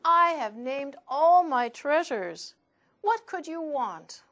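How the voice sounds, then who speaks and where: Woman doing an anxious rich storybook man, pleading, slow, raised voice. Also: sits high, animated, fairly bright tone, pitched above the performer's own voice, heavily acted.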